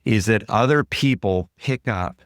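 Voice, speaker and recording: A man, a guest author and consultant, explaining ideas in an interview with lively stories. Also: on the low side, measured pace, clean tone, no room sound, studio quality. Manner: animated, acts out dialogue in quoted voices. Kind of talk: storytelling interview answers.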